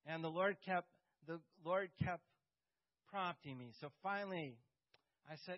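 A man, a pastor, telling a personal story to a group with halting speech, many fillers and dry humor. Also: sits high, dull audio.

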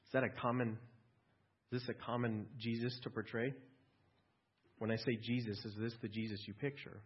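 Male pastor, husky voice, conversational sermon style, dull lo-fi recording. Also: medium pitch, steady tone, moderate pace. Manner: conversational, asks listeners questions, small restarts.

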